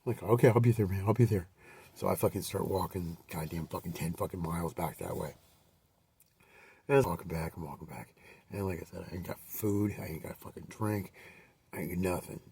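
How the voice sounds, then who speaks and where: A man's voice: sits low, fairly even intonation, fairly quick, vocal fry, dark tone, distant mic, a little hiss or hum. A man telling a rambling, profanity-filled personal story with many fillers and restarts.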